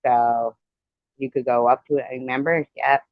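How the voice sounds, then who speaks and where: A woman's voice: very deep voice, steady tone, moderate pace, no room sound. Chatty woman streamer, meandering talk, muffled phone-mic sound. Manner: rambling, chatty movie reminiscing. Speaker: live stream host. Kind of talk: casual chat.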